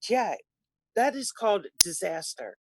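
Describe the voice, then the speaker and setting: A woman, co-hosting a casual political talk show, opinionated and animated. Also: mid-range voice, a little slow, background noise.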